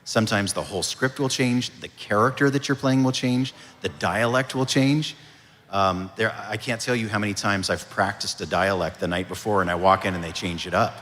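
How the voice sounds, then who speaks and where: A man, a voice actor, answering audience questions at a convention panel in a relaxed, storytelling way. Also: on the low side, moderate pace. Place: convention hall. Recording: reverberant convention hall.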